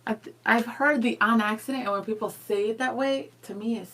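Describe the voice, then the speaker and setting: A woman's voice: on the high side, a little fast, fairly bright tone. A woman co-hosting a radio show, answering quiz questions in playful casual chat. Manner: playful, laughs easily.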